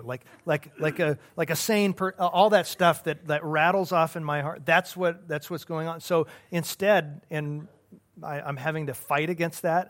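A man pastor leading a Bible study, talking earnestly in a halting, conversational way with many restarts. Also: fairly high pitch, fairly bright tone.

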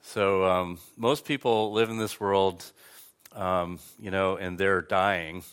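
A man's voice: low-pitched, steady tone, slow, a bit bright, clean tone. A man preaching as a pastor, teaching in a conversational way with frequent restarts and fillers. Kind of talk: sermon.

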